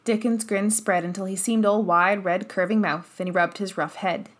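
A woman narrating a children's novel in calm, even storytelling. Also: mid-range voice, moderate pace. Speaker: audiobook narrator. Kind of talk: scripted narration.

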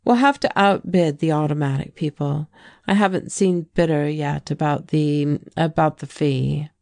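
A woman's voice: deep voice, measured pace, gravelly, darkish tone, dry recording, studio quality. A woman reading the first-person lines of a terse, confident male businessman in an audiobook.

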